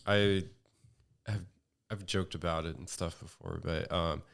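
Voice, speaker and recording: A man speaking as a podcast guest in a monotone, casual chat full of fillers and restarts. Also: deep voice, unhurried, vocal fry. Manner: rambling, with many fillers and restarts.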